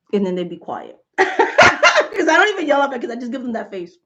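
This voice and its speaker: A woman in her forties chats loosely with her viewers, laughing a lot as she tells stories. Her voice sits a little high, and the livestream sound is dull and muffled. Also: brisk. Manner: laughing, animated storytelling. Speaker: spiritual reader and channel host. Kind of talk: casual live chat with viewers.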